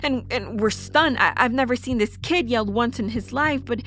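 A woman narrating a first-person horror audio drama, telling it breathlessly with halting restarts. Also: a little high, a bit bright. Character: young woman recalling a family horror.

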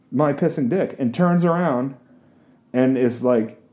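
A man spins a crude, self-mocking anecdote, wandering off into asides. His voice is mellow and dark at a middling pitch. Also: expressive, takes it slowly, long pauses. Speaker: storyteller. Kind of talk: comic personal storytelling.

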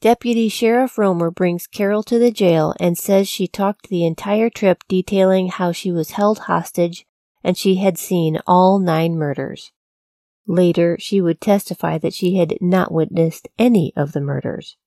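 A woman narrating a true-crime story from a script, in a measured, even storytelling delivery. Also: lowish voice, no echo, clean studio sound. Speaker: podcast narrator.

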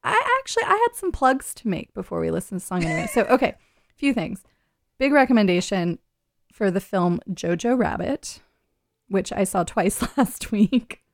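Brief: woman radio host, chatty and rambling, some vocal fry, dry close sound. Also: medium pitch, expressive, normal speed, no echo. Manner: chatty, rambling, laughs often. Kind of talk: casual radio chat.

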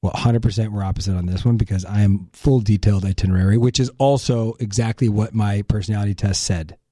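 A young man co-hosting a casual chat with his partner, animated and teasing. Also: on the low side, quick pace, dry recording, clean studio sound. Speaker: podcast co-host.

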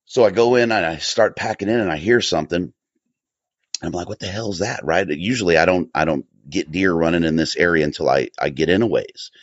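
A man with a fairly low voice tells a story casually, swearing and repeating words as he goes. The sound is dry and dull, with a lo-fi edge. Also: a little fast, dry recording. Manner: profane, animated, repeats himself. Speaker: podcast guest. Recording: dull lo-fi audio.

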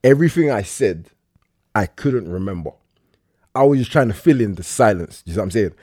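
A man's voice: fairly low pitch, lively intonation, fairly quick, darkish tone, no echo, studio quality. A young man with a London accent, co-hosting a podcast and telling a story in casual slang. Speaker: podcast co-host.

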